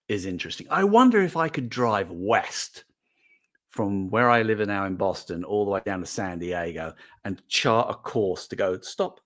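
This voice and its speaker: A middle-aged man hosts a casual livestream, chatting and reading out comments as an animated, rambling storyteller. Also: lowish voice, moderate pace. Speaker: host.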